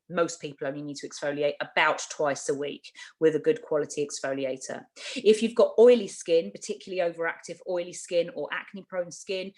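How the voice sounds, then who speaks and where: Lowish-voiced woman giving an emphatic skincare training. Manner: chatty, emphatic, repeats herself for clarity. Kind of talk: training talk.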